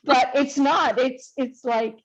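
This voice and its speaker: A woman speaks as a guest over a video call, and her audio comes through dull and muffled. She talks in a chatty, expressive way, acting out the things she once said to herself. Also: high-pitched, takes it slowly, husky. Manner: chatty and expressive, acts out her own past remarks. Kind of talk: casual conversation.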